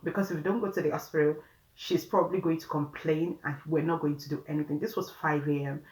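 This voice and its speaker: A woman's voice: low voice, steady tone, fast, darkish tone. A woman with a Nigerian accent tells a story casually, chatty and often laughing as she talks straight to her viewers. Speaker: vlogger. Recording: roomy room echo.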